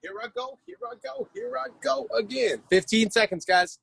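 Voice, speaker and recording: Energetic high-voiced male fitness coach. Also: moderate pace, vocal fry, breathy edge, rough recording. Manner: energetic, shouts cues and countdowns. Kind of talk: live-streamed workout coaching.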